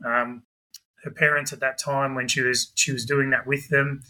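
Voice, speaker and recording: Bright-voiced man telling a story. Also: mid-range voice, poor audio. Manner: lively anecdotal telling with quick asides. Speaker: guest, budgie club president. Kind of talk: animated storytelling.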